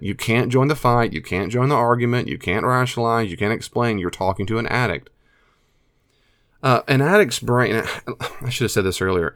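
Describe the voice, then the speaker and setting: A man's voice: low voice, clear, resonant tone, dry recording, studio quality. A man with an American accent giving earnest, emphatic advice straight to camera, often repeating his key phrases. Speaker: advice speaker on addiction and family. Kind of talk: direct-to-camera advice talk.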